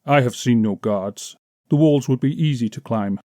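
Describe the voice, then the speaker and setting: A blunt young barbarian, as a male narrator puts him on, asking short plain questions with cool, unfriendly directness. The tone is mellow and dark, heard close and dry in a storybook reading. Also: mid-range voice, moderate pace, no echo, close to an everyday voice. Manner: terse, plain-spoken.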